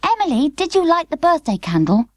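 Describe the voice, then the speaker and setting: A woman's voice: sits high, big pitch swings, fairly quick, dry recording, voice pushed up. A woman voicing a small girl who speaks bluntly and earnestly. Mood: worried. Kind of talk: audiobook character voice.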